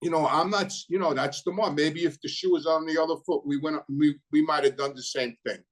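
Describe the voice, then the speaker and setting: A man's voice: fairly high pitch, fairly even intonation, brisk, rough recording. Middle-aged man telling a rambling story. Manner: rambling, repeats himself, heavy on "you know". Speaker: host recounting his past. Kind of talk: casual storytelling monologue.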